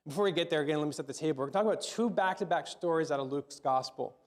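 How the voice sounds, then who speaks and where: A middle-aged male pastor races through a casual, conversational sermon in a voice a bit higher than most men's. He stumbles, repeats words, and keeps asking the room questions.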